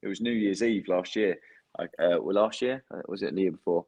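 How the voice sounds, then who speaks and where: A man in his thirties with an English accent and a very deep voice, chatting as a guest on a podcast. He laughs often, trips over his words and starts sentences over. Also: creaky, a little mellow, slightly rough, lo-fi sound. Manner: laughs often, self-deprecating, halting restarts. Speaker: guest, former footballer. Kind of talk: casual interview chat.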